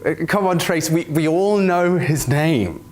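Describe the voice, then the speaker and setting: A man's voice: fairly high pitch, measured pace, slight background noise. A male host of an esports show, flustered and hesitant during a comedy bit. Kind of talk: comedy sketch hosting.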